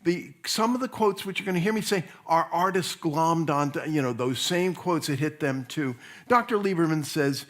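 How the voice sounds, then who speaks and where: A male pastor telling a personal story from the pulpit, with a voice pitched somewhat high for a man. He speaks loosely and conversationally, often restarting phrases and laughing at his own story. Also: moderate pace, hardly any pauses.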